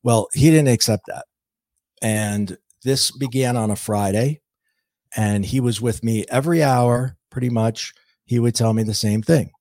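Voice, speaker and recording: A man's voice: medium pitch, unhurried, mellow, dry recording. A middle-aged man, a guest on a podcast, earnestly telling a personal story and acting out his own past words. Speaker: guest, intuitive and author.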